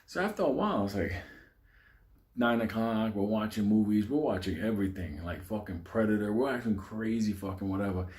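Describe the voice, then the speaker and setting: Male comic storyteller, profane, animated, chuckling through it. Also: lowish voice, fairly quick. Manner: profane, animated, laughs while telling.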